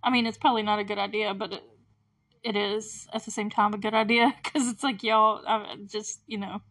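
A woman's voice: mid-range voice, little pitch movement, brisk, fairly bright tone. Woman host, casual recap, rambling, giggly, filler-heavy. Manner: rambling, full of fillers and frequent laughs. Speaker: podcast host.

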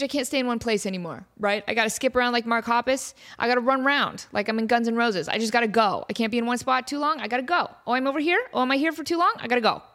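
Animated self-mocking woman podcaster. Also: a little high. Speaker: podcast host. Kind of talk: casual storytelling monologue.

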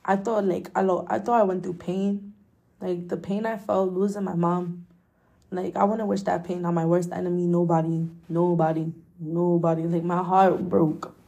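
Low gravelly woman, raw and candid. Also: level tone, normal speed, dark tone. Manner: candid, emotional, swears often, many filler likes. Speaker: podcast host. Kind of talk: personal storytelling.

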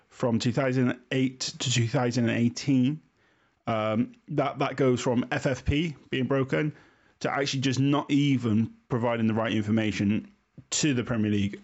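Jokey lad, lo-fi mic. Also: male voice, mid-range voice, darkish tone. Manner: laddish, jokey, explains topics loosely. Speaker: podcast co-host. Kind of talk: casual football chat.

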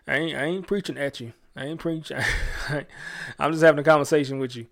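A radio host with a fairly high, gravelly voice talks about faith fairly quickly. His style is relaxed, slangy and conversational, full of fillers and restarts.

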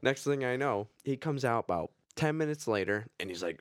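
A man's voice: mid-range voice, animated, a little fast, no room sound. A man chatting on a casual podcast, blunt and profane in a dry, offhand way. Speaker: podcast co-host. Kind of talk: casual chat.

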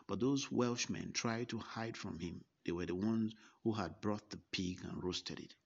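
A man slowly recounting a personal story, first person. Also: lowish voice, slightly rough. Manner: slow, deliberate recollection with quoted dialogue. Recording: dull lo-fi recording.

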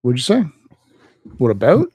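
A man co-hosting a casual podcast, talking in an offhand, deadpan way about his week. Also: mid-range voice, normal speed, breathy edge, no echo. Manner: laid-back, deadpan, offhand. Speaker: podcast co-host.

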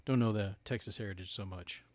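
A man's voice: on the low side, fairly even intonation, quick pace, a little mellow. A man from North Carolina co-hosting a podcast in casual chat, rambling with lots of "like" and "you know" and laughing easily. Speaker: podcast co-host.

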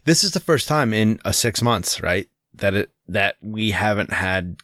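A middle-aged man in casual chat, telling stories in an animated way and laughing often. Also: fairly low pitch, measured pace, no room sound, clean studio sound.

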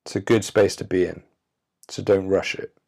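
A man hosting a self-help podcast, speaking emphatically with drawn-out pauses and a preachy tone. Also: low voice, fairly even intonation, gravelly, dark tone. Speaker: podcast host. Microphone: audio-only recording.

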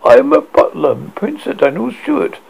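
A man's voice: very high voice, sing-song, moderate pace, gravelly, a little mellow, breathy edge, voice pushed up, exaggerated voice, low-quality recording. A man voicing a prim, proper male butler with a fussy manner. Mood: concerned.

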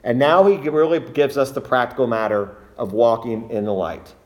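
A man preaching a sermon, reading scripture aloud and then explaining it earnestly, slowing down and leaning on key words. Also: mid-range voice, a little mellow. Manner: earnest, emphatic, rises and slows on key words.

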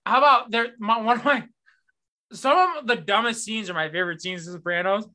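Brash, bright-voiced man cursing casually. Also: sits high, fairly quick. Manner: profane, animated storytelling. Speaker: podcast host. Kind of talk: casual sports podcast chat.

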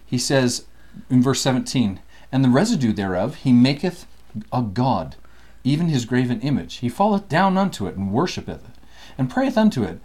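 Brief: man co-host, lively swooping delivery, playful scripture teacher. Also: medium pitch, moderate pace. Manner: animated, playful, laughs often. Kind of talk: casual scripture study chat.

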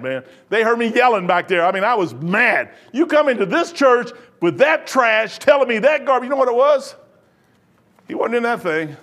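His voice sitting high, a male pastor in his sixties delivers a folksy, animated sermon. He moves between quiet asides and loud bursts, acting out the voices in the stories he tells.

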